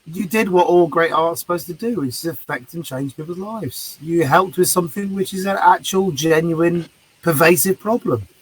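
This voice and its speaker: A man's voice: a little high, moderate pace, husky, rough recording. A man hosting a podcast interview, asking long, earnest questions with some light teasing. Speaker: interview host.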